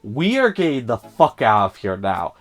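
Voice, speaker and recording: A man's voice: mid-range voice, huge pitch swings, moderate pace, faint music behind. A man giving a casual spoiler review of a film, sarcastic and profane, often mimicking the characters in a raised voice.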